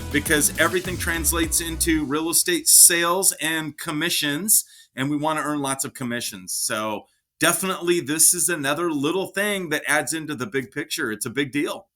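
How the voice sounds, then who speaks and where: A man co-hosting a casual podcast for realtors, chatty and relaxed, acting out how he answers the phone. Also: a little high, moderate pace, faint music behind.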